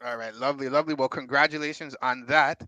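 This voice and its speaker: A man hosting an interview, asking measured, encouraging questions. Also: medium pitch, steady tone, sharp tone, no room sound, muffled recording. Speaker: host. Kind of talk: interview host.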